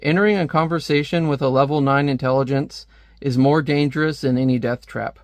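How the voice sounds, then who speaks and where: A man's voice: medium pitch, steady tone, fairly quick, no echo, natural voice. A man reading a comic's calculating supercomputer aloud in a clinical, matter-of-fact tone. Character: cold calculating male supercomputer.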